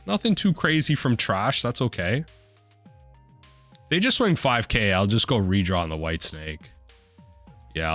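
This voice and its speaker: A man casually commenting on his own card game as he plays, thinking aloud with sudden excited bursts. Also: lowish voice.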